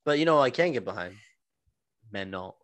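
A man's voice: medium pitch, lively intonation, moderate pace, a bit bright, no room sound. A man with a mid-range voice, co-hosting a casual podcast chat. He talks in a laid-back, rambling way, full of fillers and profanity. The recording is dry and close-miked. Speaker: podcast co-host.

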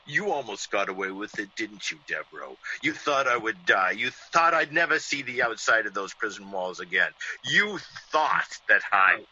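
An actor playing a vengeful, menacing ex-convict who sneers and gloats, in 1940s radio acting on a dull old radio recording. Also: male voice, on the low side, big pitch swings, moderate pace, hardly any pauses, pushed and bright, breathy edge, full character voice. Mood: gloating. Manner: sneering, theatrical villain with gloating laughs.

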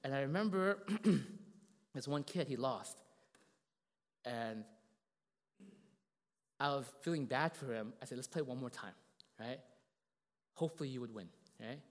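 A man preaching in a church, telling a story in a lively, conversational way and checking in with the congregation again and again. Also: medium pitch, a little slow, pauses often, in a large hall. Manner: animated, conversational, asks many tag questions. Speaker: pastor. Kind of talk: sermon with a told story.

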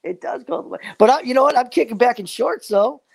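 A man's voice: very high-pitched, lively intonation, quick pace, creaky, breathy edge. A man chatting casually, rambling and upbeat, full of fillers and motivational asides. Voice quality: rambling, repeats "man" and "you know what". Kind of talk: casual chat.

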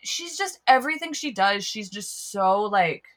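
A woman's voice: mid-range voice, animated, unhurried. A young woman hosting a casual film podcast, chatty and giggly, with lots of "like" fillers. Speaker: podcast host.

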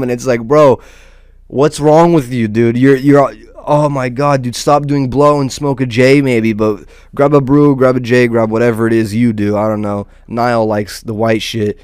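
A man riffing in casual, profanity-laced commentary, rambling and restarting his sentences as he goes. His voice comes through smooth and resonant, recorded dry and close with no room sound. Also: mid-range voice, steady tone, moderate pace, a little mellow, dry recording. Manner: rambling, loose, with frequent restarts and "dude". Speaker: host of a small online channel.

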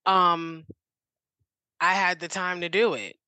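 A woman's voice: lowish voice, level tone, slow pace, pushed and bright, dry recording. A woman guest on a talk show, telling her story in an eager, rambling way full of "like"s and restarts. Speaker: interview guest. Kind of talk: casual interview chat.

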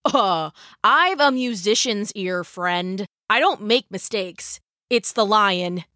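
A cocky young male musician from a storybook tale, teasing and sure of his ear, as a woman narrator puts him on. The tone is bright and the delivery unhurried. The sound is close and dry. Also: medium pitch, no echo. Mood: alert.

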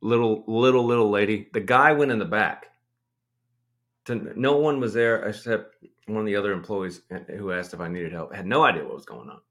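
A man on a casual podcast, telling a story in an animated, exasperated way and swearing freely. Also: fairly low pitch, moderate pace. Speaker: podcast host.

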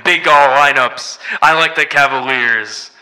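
Grumpy old-timer put on by a man, tinny old radio filter, gruff and nostalgic. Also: medium pitch, unhurried, pushed and bright. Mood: grumbling. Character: grumpy old-timer man complaining about modern basketball. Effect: old-timey radio voice filter.

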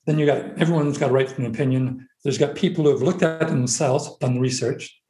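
A man as a podcast guest, calmly explaining his ideas step by step in conversation. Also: mid-range voice, fast talker. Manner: methodical, lays out points step by step. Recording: roomy echo.

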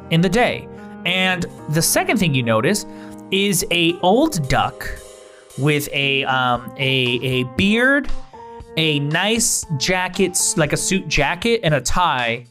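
A man's voice: a little high, big pitch swings, a little slow, sharp tone, faint music behind. A man narrating a tabletop game as game master, rambling with fillers and restarts.

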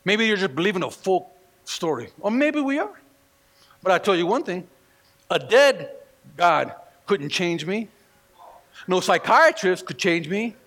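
A man preaching a sermon in church, telling stories with animated delivery and acting out the people he quotes. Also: sits high, unhurried, pauses often. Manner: animated storytelling, acts out quoted voices. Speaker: pastor. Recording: long reverb of a hall.

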